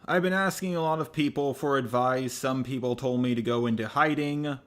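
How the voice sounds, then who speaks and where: Earnest man giving a measured response. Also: medium pitch, fairly bright tone. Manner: earnest, measured, explaining himself. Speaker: YouTube commentator. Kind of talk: unscripted response video.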